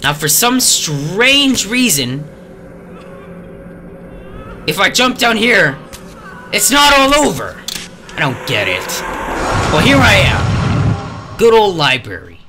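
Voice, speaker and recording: A man giving gameplay commentary, sarcastic and frustrated, yelling at the game. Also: high-pitched, very animated, slow pace, pauses often. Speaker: let's play gamer. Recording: game music behind the voice. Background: game music.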